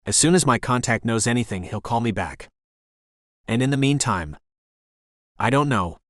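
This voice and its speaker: A man's voice: mid-range voice, lively intonation, moderate pace, fairly bright tone, no echo, studio quality, lightly acted. A man voicing a hostile, tattooed young man who sneers and mocks in an audiobook. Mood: sneering. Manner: sneering, mocking.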